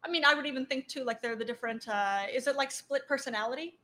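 A woman's voice: sits high, fast talker, pushed and bright. A woman co-hosting a casual podcast, rambling and laughing often as she reads out listener comments. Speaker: podcast co-host.

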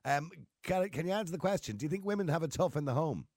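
A man's voice: a little high, expressive, fast, a little mellow, no room sound, clean studio sound. A man hosting a radio phone-in, teasing his callers in casual chat. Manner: teasing, laughs often.

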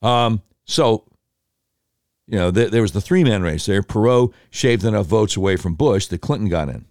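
A man telling political history in an animated way, breaking into quick impressions of voters and politicians. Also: on the low side, no room sound, studio quality.

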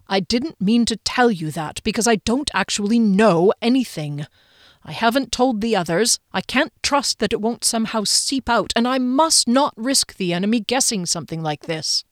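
A woman's voice: a little high, expressive, normal speed, no room sound, voice pushed up, lightly acted. Woman reading a noble male leader, earnest, pleading, secretive, audiobook character, dry close recording.

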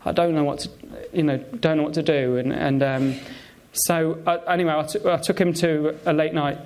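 Halting man giving a sermon. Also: on the high side, fairly even intonation, a little mellow. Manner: conversational, halting, many fillers and restarts. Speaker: preacher. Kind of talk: sermon with personal stories.

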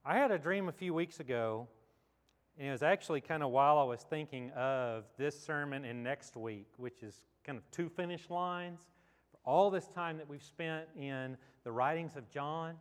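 A man's voice: fairly high pitch, moderate pace, clear, resonant tone. A man pastor giving a sermon, telling a story in a conversational, reflective way. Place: church sanctuary. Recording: long church hall reverb.

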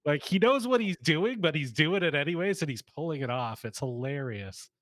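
A man co-hosting a casual wrestling review, upbeat and quick to laugh. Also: fairly high pitch, animated, no echo. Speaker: podcast co-host.

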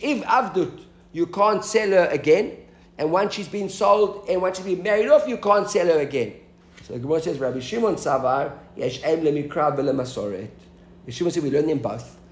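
High-voiced man teaching Talmud. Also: reverberant. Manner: explanatory, asks the class questions. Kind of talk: daily Talmud class.

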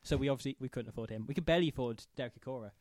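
A man's voice: mid-range voice, very fast, darkish tone, no room sound. Rambling man hosting a podcast. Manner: rambling, hesitant, with many ums. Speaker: podcast host. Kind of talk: live podcast banter.

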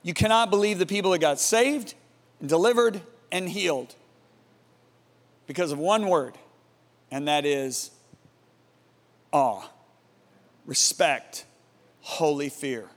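A man preaching a sermon, telling a story dramatically and dropping to a hushed, awed tone. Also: high-pitched, unhurried, pauses often, in a large hall. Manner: dramatic, swings from loud emphasis to hushed awe.

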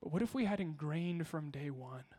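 A man's voice: a little high, animated, normal speed, a little mellow. Man preaching in a reverberant hall. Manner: storytelling, conversational with rhetorical questions. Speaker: pastor. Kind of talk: sermon.

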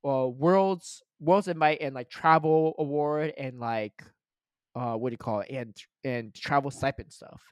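A man's voice: mid-range voice, a little slow, dry recording, clean studio sound. A young man co-hosting a casual podcast, teasing his co-host, laughing often and tagging his points with "right?". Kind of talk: casual chat.

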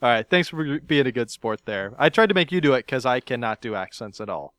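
A man's voice: medium pitch, lively intonation, brisk, fairly bright tone, no room sound, studio quality. A man hosting a casual podcast, teasing his co-host and laughing often.

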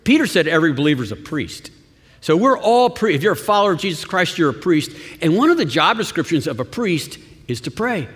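A man's voice: on the high side, sing-song, a little fast, a bit bright, husky. A man preaching a sermon as pastor, talking in a conversational way with chuckles and restarts. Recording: long reverb of a church hall.

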